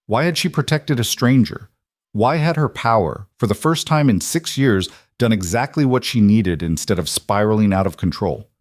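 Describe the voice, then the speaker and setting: A man narrating a romance fantasy audiobook in a steady, measured way. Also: lowish voice, dry recording, clean studio sound.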